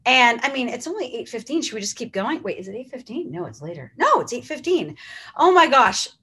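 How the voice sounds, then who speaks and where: A middle-aged woman emceeing a charity auction from home, effusive and chatty with quick asides. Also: a little high, big pitch swings, sharp tone, slightly rough. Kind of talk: casual live-stream hosting.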